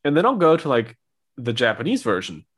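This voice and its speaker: A man's voice: medium pitch, wildly swooping pitch, fairly quick, slightly rough. A young man co-hosting a podcast, talking casually and rambling with lots of filler words. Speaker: podcast co-host. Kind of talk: casual chat.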